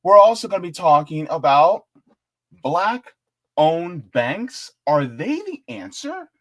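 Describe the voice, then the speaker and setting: Guy hosting a live stream, joking around reading chat, kinda high voice. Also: slow pace. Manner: animated, jokey, reads chat aloud. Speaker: host of a live-stream politics show.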